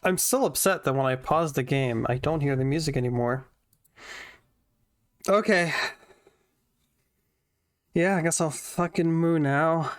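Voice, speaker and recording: A VTuber streamer plays a video game from her home room, chatting casually with viewers in a giggly, self-conscious way as she gives let's-play commentary. Her voice is deep and a little slow, with long pauses, and the sound is clean studio quality with no room sound.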